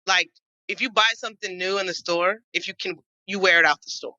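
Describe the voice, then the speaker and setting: A woman's voice: lowish voice, fairly quick, dry recording, highs cut off. A woman comedian with Jamaican family, chatting and joking loosely on a podcast, swearing and laughing as she tells stories. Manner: animated, swearing, laughing storyteller. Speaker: comedian guest. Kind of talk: casual comedic podcast chat.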